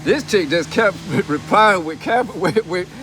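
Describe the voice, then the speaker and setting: Young man with a fairly high voice, brash and mocking, noisy phone livestream. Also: lively intonation, a little slow, a bit bright. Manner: brash, profane and mocking, laughing between lines. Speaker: reality TV personality reading comments on a live stream. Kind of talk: casual livestream rant.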